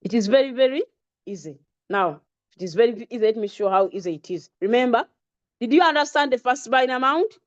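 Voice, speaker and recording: A woman's voice: a little high, fairly quick, dull audio. A woman with a Ugandan accent teaching a live online lesson on trading settings, repeating key terms again and again and putting questions to her audience. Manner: repetitive, drilling key terms. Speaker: trading instructor.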